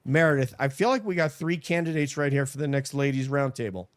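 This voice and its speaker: A man's voice: mid-range voice, brisk, no echo, clean studio sound. A man hosting a livestream call, joking about himself and hyping up guests in casual chat. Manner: jokey, self-deprecating, hypes guests. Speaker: stream host and producer. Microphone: online video call.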